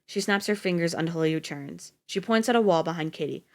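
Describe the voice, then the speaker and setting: A woman narrating a story in a steady, even reading voice. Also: fairly low pitch, fast talker, few pauses. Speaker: audiobook reader on a livestream.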